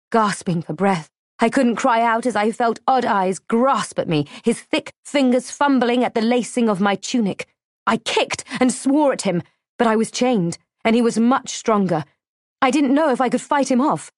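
A woman's voice: a little high, no room sound, studio quality. Woman narrating a dramatic audiobook. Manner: measured, dramatic. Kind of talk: scripted first-person narration.

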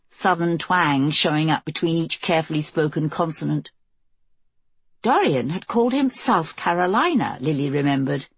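A woman narrating an audiobook in a measured, intense storytelling manner. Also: on the low side, breathy edge, dry recording. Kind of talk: scripted narration.

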